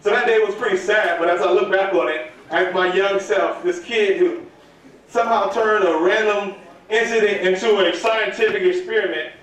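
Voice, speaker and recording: A man giving a lively storytelling talk to a live student audience and calling out for their answers. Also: high voice, moderate pace. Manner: animated, calls for audience answers. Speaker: motivational speaker at student workshop. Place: large hall at a live event. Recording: echoey hall from far off.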